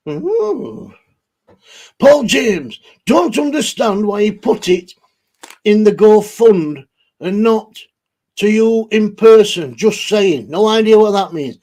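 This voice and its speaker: Husky, high-voiced man. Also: a little mellow. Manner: rambling, heavy swearing, blunt. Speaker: livestream host. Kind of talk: casual livestream chat reading viewer comments.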